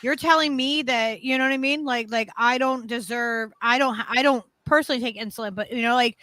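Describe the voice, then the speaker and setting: An animated woman co-hosting a casual panel chat, restarting and repeating words often. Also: fairly high pitch, brisk, dry recording.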